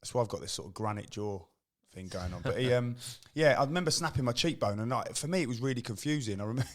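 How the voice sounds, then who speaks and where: A middle-aged English man, a former footballer, telling lively stories on a podcast and acting out the quotes. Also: mid-range voice, fast talker. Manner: animated storyteller, acts out quotes. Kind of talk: casual chat.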